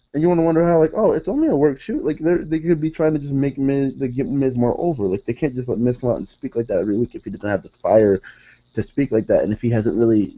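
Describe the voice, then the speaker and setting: A man reviewing a wrestling show in a casual, rambling rant, excitable and profane, often restarting his sentences. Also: mid-range voice, dull audio.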